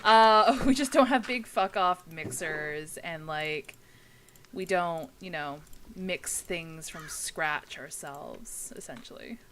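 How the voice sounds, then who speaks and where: Young woman streamer, bright tone, tired but chatty, casual swearing, faint hiss behind her. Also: lowish voice, slow, low-quality recording. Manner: chatty, swears casually, talks to chat while playing. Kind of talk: casual gaming livestream chat.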